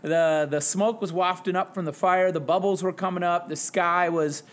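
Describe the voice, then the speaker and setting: A man guesting on a podcast tells long, animated stories about his jobs and his music, often laughing at himself. His voice sits somewhat high for a man. He talks casually and comfortably with a friend. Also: normal speed. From Wisconsin, US. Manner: self-deprecating, animated storyteller. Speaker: podcast guest, high school English teacher. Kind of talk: casual podcast chat, storytelling.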